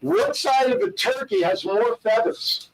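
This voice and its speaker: A man's voice: very high voice, very animated, a little slow, gravelly, far from the mic, crowd noise, rough recording. A man co-hosting a talk show, playfully telling corny holiday dad jokes and poking fun at himself. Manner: playful, self-mocking joke teller. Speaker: co-host.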